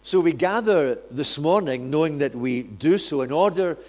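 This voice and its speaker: Male guest preacher, playful and self-mocking, warm-up jokes into prayer. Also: a little high, animated, moderate pace. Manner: jokey, self-deprecating storyteller. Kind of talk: sermon with humorous anecdotes. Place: church.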